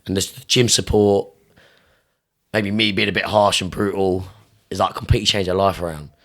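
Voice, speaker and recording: Intense, swearing man, low voice. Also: steady tone, moderate pace. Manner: intense and emphatic, heavy swearing, repeats phrases; voice jumps higher and louder when fired up. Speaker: gym owner and Muay Thai coach. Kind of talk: casual podcast interview.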